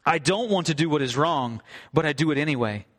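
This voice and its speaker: A man's voice: on the high side, expressive, fairly quick. A male pastor delivering a sermon, reading scripture aloud and then expounding on it earnestly. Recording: long hall reverb.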